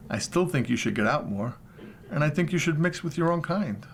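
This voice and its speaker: A man's voice: a little high, expressive, fairly quick, vocal fry, a little hiss or hum, voice pushed up. A man reading aloud the lines of a friendly, teasing cartoon beagle from a comic strip, with some extra lift in his voice.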